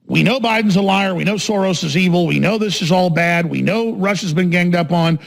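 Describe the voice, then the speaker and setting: A man with a high, gravelly voice rants as a talk radio host. He is combative and emphatic, hammering points with repeated phrases. His delivery often climbs toward a shout. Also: fairly quick. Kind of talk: ranting political monologue.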